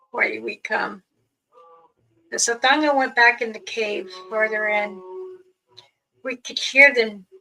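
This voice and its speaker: A woman slowly telling a first-person story, halting and pausing often. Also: on the high side, gravelly, bright, forceful tone, poor audio. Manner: slow, halting, with long pauses.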